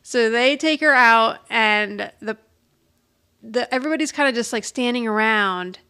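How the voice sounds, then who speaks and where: A woman's voice: on the high side, unhurried, smooth. A woman co-hosting a podcast, casually recapping a TV episode and acting out the characters' lines with laughter. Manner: animated retelling, acting out quotes with laughs. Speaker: podcast co-host.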